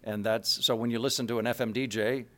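A man being interviewed, speaking plain general American with no regional accent, rambling with many restarts and fillers as he explains a point. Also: quick pace. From Kansas City area. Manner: animated, shifts pitch to illustrate points. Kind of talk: casual interview chat.

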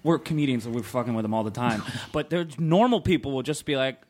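A man's voice: medium pitch, fast talker, a little mellow. A man in a casual podcast chat, goofy and hesitant, often trailing off mid-thought. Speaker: podcast guest comedian.

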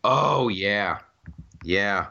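A man's voice: fairly low pitch, expressive, extremely slow, vocal fry, lo-fi sound. A man hosting a casual, comedic podcast chat, rambling through stories with many restarts and laughs. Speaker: podcast host.

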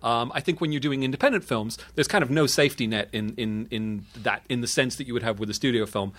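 Transatlantic-accented British man, relaxed chat. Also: medium pitch. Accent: transatlantic, not strongly British. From United Kingdom. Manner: halting, frequent restarts, laid-back. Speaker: guest. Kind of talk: casual chat.

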